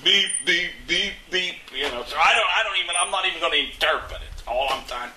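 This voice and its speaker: Older guy ranting folksy about his neighborhood, bright sharp voice, echoey room w/ faint hum. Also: fairly high pitch, expressive, fast talker, far from the mic. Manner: folksy, indignant, repeats words and restarts. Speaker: interviewee, local resident. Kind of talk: casual storytelling interview.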